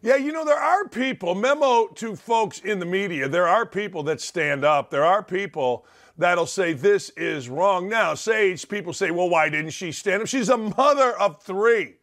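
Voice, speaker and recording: A middle-aged man rails through a sports talk monologue. His voice sits high for a man, and he hammers his points with rhetorical questions. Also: lively intonation, measured pace, fairly bright tone. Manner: emphatic, punchy delivery with rhetorical questions. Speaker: talk show host.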